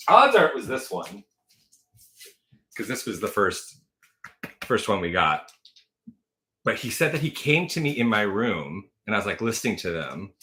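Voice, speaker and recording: A man's voice: on the low side, very animated, normal speed, long pauses, bright, forceful tone. A man in his forties hosting a casual livestream from home, chatty and gushing, laughing often and answering viewer comments. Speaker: livestream host.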